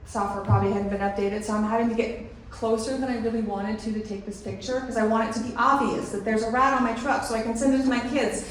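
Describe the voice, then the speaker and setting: A middle-aged woman telling a story on stage, animated and breaking into laughter mid-sentence. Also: a little high, quick pace, slight background noise. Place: large hall at a live event. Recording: echoey hall, picked up from a distance.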